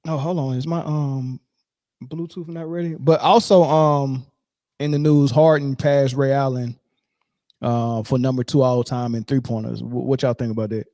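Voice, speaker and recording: A man hosting a sports podcast, chatting casually and rambling through shout-outs with lots of fillers. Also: mid-range voice, steady tone, normal speed, no echo, clean studio sound. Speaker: podcast host.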